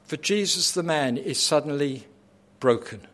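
High-voiced man preaching dramatically. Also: expressive, measured pace. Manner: dramatic, swinging from hushed to loud. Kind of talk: sermon.

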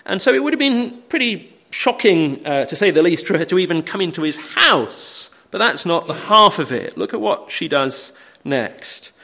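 A man's voice: high-pitched, very animated, moderate pace, creaky, bright, forceful tone. A man preaching a sermon, explaining a Bible passage as a story, with frequent hesitant fillers.

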